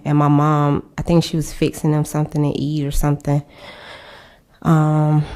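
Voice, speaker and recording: A woman with a low, dark voice tells her own story slowly, pausing often as she searches for words. Her delivery stays flat and subdued throughout, a recorded interview of personal testimony. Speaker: survivor interviewed.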